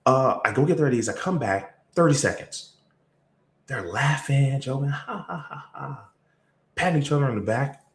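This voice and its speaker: A man coaching on sales, telling stories in a motivational talk, energetic, with sudden jumps in pitch and loudness. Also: normal speed. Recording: roomy echo.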